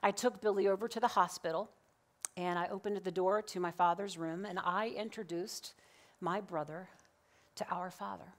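Middle-aged woman minister, lowish voice, animated storyteller who acts out dialogue, preaching in church. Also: moderate pace. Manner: animated, acts out quoted dialogue, laughs often. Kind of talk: sermon with personal storytelling. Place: church sanctuary.

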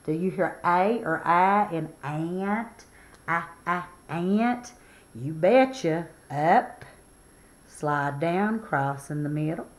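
A woman's voice: on the low side, animated, takes it slowly. Sing-song woman teaching phonics to children. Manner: sing-song, playful, encouraging.

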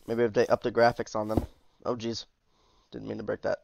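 A man's voice: on the low side, level tone, a little fast, creaky, darkish tone, dry recording. A man casually commenting as he shows off a game mod, easygoing and chatty, sounding tired. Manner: chatty, easygoing, with asides and trailing off. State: tired, yawning. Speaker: mod reviewer.

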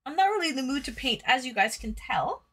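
Her voice sits high and sing-song, a bit bright with a breathy edge, and she talks fast. She's a streamer painting on camera, reading chat aloud, chatting loosely and tossing out crude jokes.

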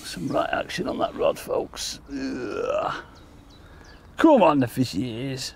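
A man giving excitable, casual commentary to viewers while fishing by a lake. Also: medium pitch, takes it slowly, vocal fry, slight background noise. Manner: chatty, excitable, talks to viewers as folks. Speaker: angler demonstrating fishing. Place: outdoors by a lake.

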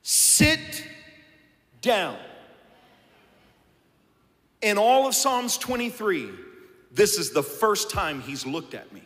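A male pastor preaching a sermon, dropping to a hush and rising to shouts, acting out a scene on stage. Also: high voice, sing-song, unhurried, in a large hall. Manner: swings from hushed to shouting. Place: church sanctuary.

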